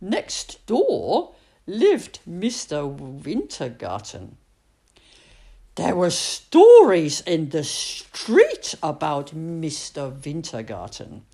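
A woman reading a picture book aloud, expressive, with dramatic pauses. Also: low-pitched, slightly rough. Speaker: storyteller.

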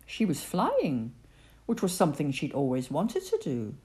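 Woman, storyteller, children's story read-aloud, expressive, wide-ranging pitch, slow and deliberate. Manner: expressive, dramatic narration.

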